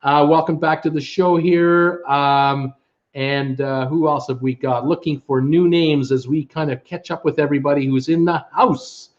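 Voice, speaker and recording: An upbeat man from Ontario, Canada, with a somewhat high voice hosts a casual livestream, reading viewer chat in a chatty way full of fillers. His tone is steady and his pace moderate, and the home webcam audio sounds muffled.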